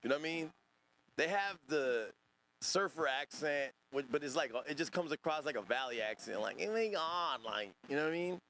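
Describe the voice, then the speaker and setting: A man's voice: a little high, animated, fairly quick, a bit bright, slight background noise. A man hosting a casual livestream podcast, rambling and profane as he reads and answers chat. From Northern California. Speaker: podcast host.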